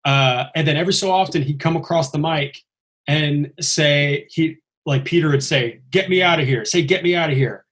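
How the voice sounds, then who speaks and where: A man's voice: on the high side, normal speed. A man casually telling a long story on a podcast, acting out the lines he quotes. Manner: animated, acts out quoted lines with a raised voice. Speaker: stuntman telling his story.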